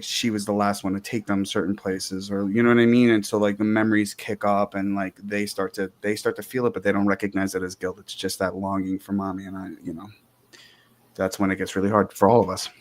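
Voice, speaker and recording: A man in his thirties co-hosting a podcast, talking in a halting way as he searches for words in a heartfelt, casual conversation. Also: fairly low pitch. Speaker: podcast co-host.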